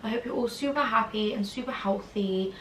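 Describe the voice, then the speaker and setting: A woman's voice: mid-range voice, a little fast, a bit bright, a little hiss or hum. A young woman with a slightly whiny voice, chatting casually to camera and rambling with lots of "like" fillers. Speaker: YouTuber. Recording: roomy, distant from the mic.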